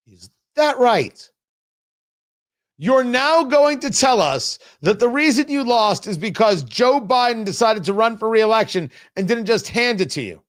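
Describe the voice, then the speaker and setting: A man's voice: extremely high pitch, big pitch swings, measured pace, fairly bright tone. A middle-aged man hosting a political commentary livestream, firing off sarcastic, heated rhetorical questions. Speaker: talk show host.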